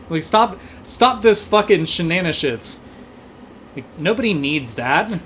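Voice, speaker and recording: A man hosting a gaming livestream, ranting in animated, profane casual chat and thanking donors. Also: sits high, moderate pace, slight background noise.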